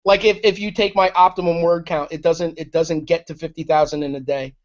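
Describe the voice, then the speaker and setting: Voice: mid-range voice, steady tone, a little fast. A chatty co-host on a video call who laughs a lot and asks for things to be repeated. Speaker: co-host with admin controls. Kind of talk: casual online chat. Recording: muffled online call audio.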